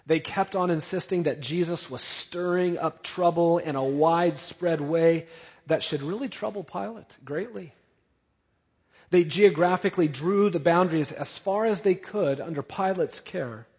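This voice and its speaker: A man's voice: fairly high pitch, unhurried, darkish tone, husky. Male preacher in an echoey hall. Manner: emphatic, building repetition. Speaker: pastor. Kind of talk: expository sermon. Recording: dull, echoey church hall.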